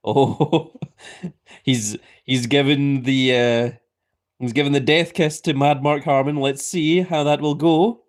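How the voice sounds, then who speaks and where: A man's voice: medium pitch, measured pace. A man hosting a livestream, calling a giveaway in a playful wrestling-announcer manner and reading chat messages aloud. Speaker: livestream host.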